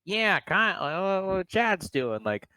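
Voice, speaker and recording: Animated chatty male co-host. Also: high-pitched, smooth, no echo. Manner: animated, chatty, quick to mimic. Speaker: podcast co-host. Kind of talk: casual wrestling review chat.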